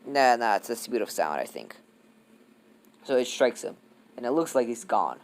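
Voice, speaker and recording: A man's voice: medium pitch, big pitch swings, normal speed. A young man casually improvising a fan-fiction story, rambling and swearing, with lots of fillers. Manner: rambling, profane, heavy on fillers. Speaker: YouTube storyteller.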